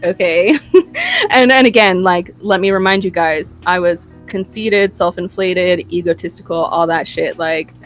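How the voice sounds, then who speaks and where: A woman's voice: on the low side, unhurried, faint music behind. A young woman hosting a podcast, telling a story in casual chat with profane, laughing asides. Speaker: podcast host.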